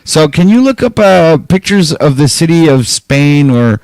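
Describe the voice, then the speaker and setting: Smooth-voiced rambling stream host. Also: male voice, on the high side, sing-song, unhurried, darkish tone, no room sound. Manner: rambling, hesitant. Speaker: livestream host. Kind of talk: casual live-stream chat.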